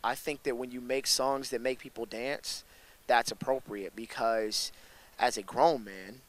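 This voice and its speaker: A young man, a rapper, telling stories in a casual interview with a slangy, animated manner that jumps up in pitch when he gets excited. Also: unhurried. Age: young adult.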